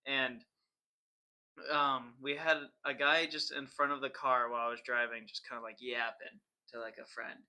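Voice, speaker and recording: A man's voice: medium pitch, flat delivery, moderate pace, sharp tone, clear, resonant tone. A young man co-hosting a podcast who tells a story in a rambling, laughing way and often starts sentences over. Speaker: podcast co-host. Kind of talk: casual storytelling chat.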